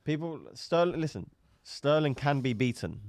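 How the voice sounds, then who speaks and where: A man's voice: a little high, animated, normal speed, a little mellow. A young man co-hosting a podcast, laid-back and jokey, swearing in casual chat. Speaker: podcast co-host.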